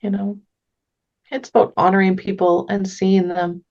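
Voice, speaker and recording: Gentle woman with a gravelly voice. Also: mid-range voice, level tone, moderate pace, highs cut off. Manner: gentle, earnest, with frequent restarts. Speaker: podcast guest. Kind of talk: casual conversation.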